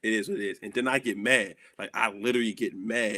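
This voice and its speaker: A young man with a Southern American accent, hosting a casual chat and acting out stories with animated dialogue. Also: lowish voice, fast talker, no room sound. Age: young adult. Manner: animated storytelling, acts out dialogue. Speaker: host.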